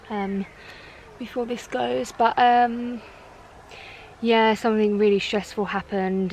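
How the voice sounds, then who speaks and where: A woman's voice: medium pitch, a little hiss or hum, low-quality recording. Chatty young woman vlogging. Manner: gushing, breathy and excitable, then hushed and subdued. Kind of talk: casual vlog chat.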